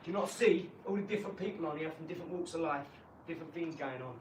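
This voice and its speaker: A young man streaming live from his garage, mocking and trash-talking a viewer with sudden loud outbursts. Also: a little high, fast talker, distant mic, a little hiss or hum, low-quality recording. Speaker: livestreamer. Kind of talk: live stream chat while boxing.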